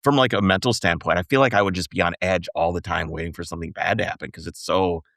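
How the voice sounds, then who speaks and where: A man's voice: deep voice, fairly even intonation, fast, creaky, fairly bright tone, no room sound, studio quality. A man hosting a casual podcast interview, talking enthusiastically and often calling his guest "man.". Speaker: podcast host.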